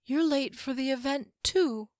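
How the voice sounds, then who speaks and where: A woman voicing an exhausted village woman who speaks slowly and listlessly in a fantasy audiobook. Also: high voice, a little mellow, no echo, studio quality, pitched above the performer's own voice. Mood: weary. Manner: slow, listless speech.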